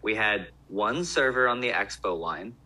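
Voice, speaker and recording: A man's voice: lowish voice, expressive, measured pace, pushed and bright, poor audio. A man who worked in restaurants, talking in loose casual chat with many restarts. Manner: rambling, lots of fillers and restarts.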